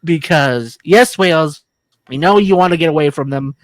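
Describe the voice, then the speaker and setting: With a low voice at a moderate pace and no room sound, this woman co-hosts a film review podcast. Her casual talk is rambling, jokey and crude, full of restarts.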